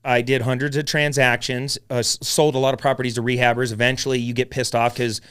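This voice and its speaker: A man telling his story as a podcast guest, blunt and animated, swearing freely as he talks. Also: medium pitch, fast talker, clean tone. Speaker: podcast guest, real estate investor. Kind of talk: casual storytelling chat.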